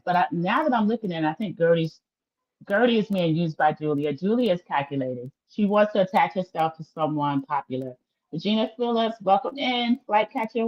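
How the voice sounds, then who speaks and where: Opinionated woman gossiping to her viewers, lowish voice, muffled lo-fi stream audio. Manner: chatty, opinionated, talks straight to viewers. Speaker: reality TV recap host. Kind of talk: casual livestream recap commentary.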